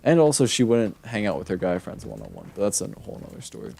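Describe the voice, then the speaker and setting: A young man on a game stream rambles through a personal story, restarting his sentences and stacking up fillers. His voice sits low with a gravelly fry. A faint hiss of noise runs underneath. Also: very animated, fast talker, mellow. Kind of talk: casual storytelling while gaming.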